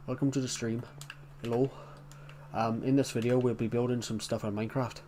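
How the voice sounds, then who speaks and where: A man's voice: medium pitch, steady tone, fairly quick, slight background noise. A man chatting casually on a live stream, greeting viewers and rambling as he reacts to the chat in front of a desktop mic.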